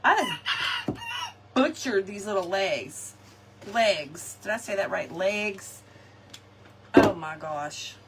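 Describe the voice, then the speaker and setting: A woman's voice: medium pitch, sing-song, a little slow, heavy background noise. A woman chatting to viewers while crafting live, laughing often and talking to her audience. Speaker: crafting vlogger. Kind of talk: casual live craft chat. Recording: distant mic with faint ambience.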